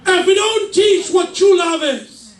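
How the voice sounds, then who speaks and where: A man preaching a fervent sermon in a church, shouting his points with call and response. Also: very high-pitched, slow pace. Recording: echoey church mic from far off.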